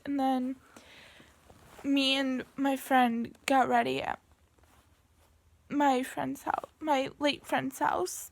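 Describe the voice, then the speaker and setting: Speaking slowly to the camera, a young woman with a high, gravelly voice recounts a painful personal story. Her delivery is halting and emotionally heavy, with frequent pauses and restarted sentences, and her pitch barely moves.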